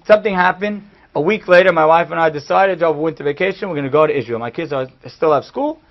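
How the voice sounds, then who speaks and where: A man, a rabbi giving a class, telling a story in an animated way that swings from hushed to loud. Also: on the high side, quick pace. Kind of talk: storytelling lecture. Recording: dull lo-fi recording.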